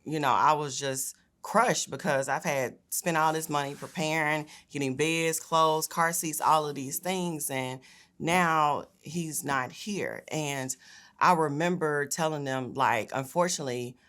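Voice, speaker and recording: Her low-pitched, fairly bright voice moves a little slowly as this young woman, a Memphis, Tennessee state senator, shares personal testimony. She sounds earnest and conversational, using lots of filler words.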